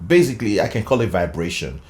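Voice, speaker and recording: Lively vocal coach with a swooping voice. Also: sits low, fast talker. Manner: explains with frequent "okay?" check-ins and chuckles; breaks into short sung demonstrations. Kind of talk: animated singing lesson.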